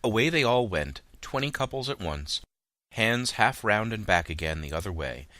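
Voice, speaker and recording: A man narrating a classic novel as an audiobook, with an expressive, dramatic reading. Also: fairly low pitch, moderate pace, dry recording.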